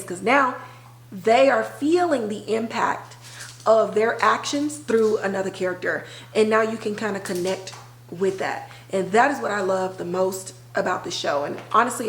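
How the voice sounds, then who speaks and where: A woman hosting a podcast, talking candidly and emotionally in a casual recap with slangy, conversational phrasing. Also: mid-range voice. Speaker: podcast host. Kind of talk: personal TV recap monologue. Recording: echoey room.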